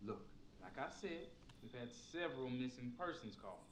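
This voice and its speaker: A man's voice: mid-range voice, expressive, normal speed, close to an everyday voice. A man playing a stern suspicious deputy. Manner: stern, interrogating. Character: gruff small-town male deputy, suspicious. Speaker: sheriff's deputy in a game. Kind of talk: video game voice acting.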